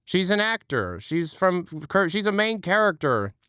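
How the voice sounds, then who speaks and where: A man's voice: sits high, sing-song, sharp tone, clear, resonant tone, no room sound, studio quality. A young man hosting a livestream, chatting with viewers in a rambling, joking way at home. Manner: rambling, joking, quick asides. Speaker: livestream host. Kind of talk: casual chat with chat viewers.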